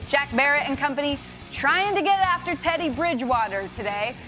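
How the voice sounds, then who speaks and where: A woman hosting a studio sports show, reading scripted segments in a crisp, measured way. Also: high-pitched, lively intonation, a bit bright, soft background music. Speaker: studio host. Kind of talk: scripted sports broadcast narration.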